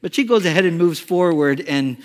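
Male pastor, high voice, chatty animated preaching, echoing church hall. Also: fairly quick. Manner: conversational, animated storytelling with rhetorical questions. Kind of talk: sermon.

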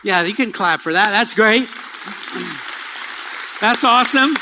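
A man preaching a sermon as pastor, calling out "Amen?" to the congregation and leading a slow, soft prayer. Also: high-pitched, a crowd in the background, background noise. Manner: call-and-response preaching, repeated "Amen?". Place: church sanctuary.

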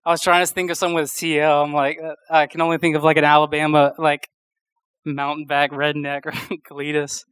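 Chatty young preacher, slightly high voice. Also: male voice, monotone, fairly quick, fairly bright tone, clear, resonant tone, dry recording. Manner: chatty, rambling, full of fillers and restarts. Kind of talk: casual storytelling sermon.

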